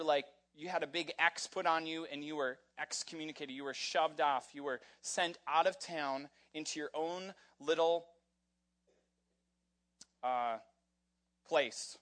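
Animated, higher-voiced man preaching casually. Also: a little slow. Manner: casual, animated storytelling with frequent fillers. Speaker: pastor. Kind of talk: conversational sermon.

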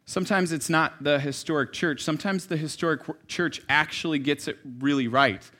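A man preaching a sermon in a conversational, storytelling way, dropping to soft asides and rising to emphatic lines. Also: fairly high pitch, brisk. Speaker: pastor.

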